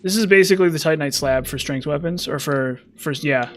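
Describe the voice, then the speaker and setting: A young man talks through a video game in a loose, self-correcting ramble. His voice sits slightly high for a man. A faint noise runs underneath. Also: brisk, fairly bright tone. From United States. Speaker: gaming commentator. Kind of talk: casual gameplay commentary.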